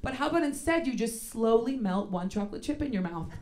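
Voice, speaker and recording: A woman's voice: on the high side, animated, fast talker, very noisy, close to an everyday voice. A woman voicing a chirpy diet app that coaxes in a sugary way. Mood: coaxing. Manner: sugary, coaxing.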